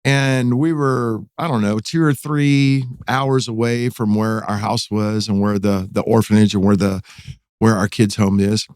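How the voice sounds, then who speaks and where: A man's voice: on the low side, measured pace, clear, resonant tone, dry recording, studio quality. A middle-aged man with a Texan accent, a pastor telling a dramatic story in a casual podcast interview, his voice climbing as the tale builds. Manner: animated, dramatic retelling with rising excitement.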